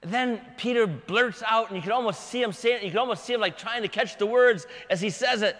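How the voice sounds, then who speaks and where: A man preaching a sermon in a dramatic manner, swinging from shouting to hushed whispers. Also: sits high, a little fast, few pauses, long reverb tail.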